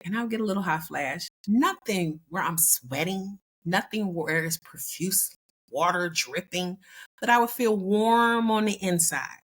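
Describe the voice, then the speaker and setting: A woman in her fifties hosting a podcast, telling personal stories in an animated, chatty way and laughing along. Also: lowish voice, unhurried. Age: 50s. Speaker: podcast host. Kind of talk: casual storytelling monologue.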